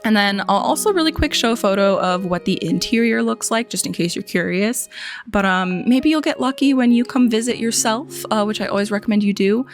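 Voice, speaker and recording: A woman's voice: mid-range voice, fairly quick. A woman giving a casual, chatty tour of a game island, full of "like" and "um", joking playfully at the characters. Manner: chatty, lots of "like" and "um" fillers. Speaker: gaming video host. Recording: faint music underneath.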